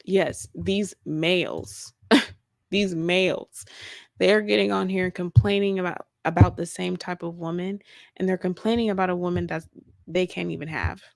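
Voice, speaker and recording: Woman host, creaky voice, dry close mic, emphatic reaction commentary. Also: lowish voice, dry recording. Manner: emphatic, repeats points, laughs mid-sentence.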